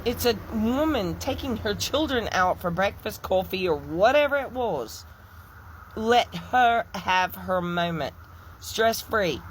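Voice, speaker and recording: A woman's voice: mid-range voice, expressive, slow, a little hiss or hum. A middle-aged woman, giving emphatic, indignant commentary as she tells a personal story. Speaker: social media commentator. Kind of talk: impassioned stitch commentary.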